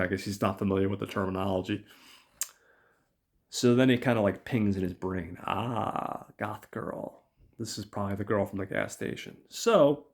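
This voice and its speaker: Man, podcast host, casual film plot recap, fairly low voice, chatty, profane. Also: gravelly. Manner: chatty and profane, addresses listeners as guys.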